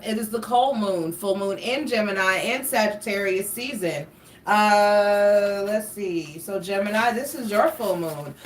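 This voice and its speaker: A woman's voice: medium pitch, fairly bright tone. Blunt chatty tarot lady rambling thru her reading, sounds a bit off-mic in an echoey room, faint hum behind. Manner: chatty, blunt, digressive with swearing. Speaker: tarot reader. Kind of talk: casual astrology reading. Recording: roomy, somewhat distant mic with faint ambience.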